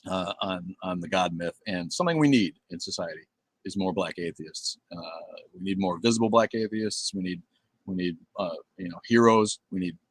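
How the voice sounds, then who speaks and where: A middle-aged man hosts a casual livestream, answering viewer comments bluntly and profanely, rambling with many fillers. His low voice is recorded dry.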